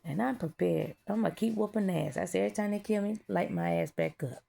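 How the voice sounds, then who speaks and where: A woman's voice: medium pitch, quick pace, creaky, dark tone. A woman delivering a defiant, profane spiritual monologue straight to her audience, hammering her points home. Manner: defiant, profane, emphatic ranting. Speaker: vlogger.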